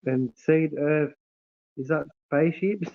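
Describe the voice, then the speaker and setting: A man's voice: on the high side, slow, creaky. Effusive man on a tinny stream. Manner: warm, effusive, calls everyone mate and brother. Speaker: livestream host. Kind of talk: casual livestream chat reading comments. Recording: tinny phone-like audio.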